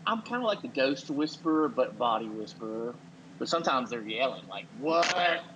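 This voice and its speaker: A man playing a self-important small-town doctor who talks in a deadpan, halting way and blurts out acted-out quotes. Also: mid-range voice, muffled recording, slight background noise, lightly acted. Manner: deadpan, halting, acts out quotes with sudden loud "What?". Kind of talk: improvised comedy character.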